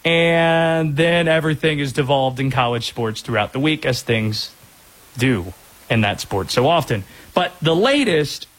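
A man hosting a sports talk show, chatting in a loose, digressive way with quick asides. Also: a little high, expressive, a bit bright, rough recording. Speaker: sports radio host.

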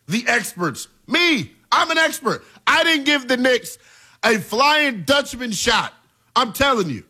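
A man in his twenties hosting a sports talk show, delivering emphatic, hyped commentary that rises into shouts at its peaks. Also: very high voice, big pitch swings, measured pace. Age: 20s.

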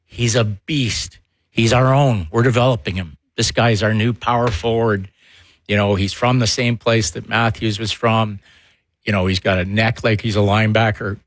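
A man co-hosting a sports talk show, telling stories in an animated way and laughing easily. His voice sits a little low. The sound is close and dry. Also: normal speed, no room sound. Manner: animated storyteller, laughs often. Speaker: sports radio co-host, former player.

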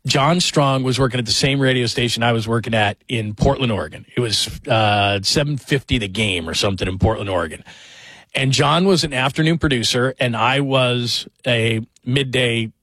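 A man's voice: mid-range voice, husky, no room sound. A man in his forties hosting a radio show, telling stories in a rambling, self-mocking, casual way. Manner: rambling, self-deprecating, animated storytelling. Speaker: radio host. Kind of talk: casual chat.

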